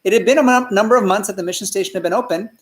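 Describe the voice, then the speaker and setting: A male storyteller narrating a children's story in an animated way and often asking the listeners questions. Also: high voice, very fast, roomy sound.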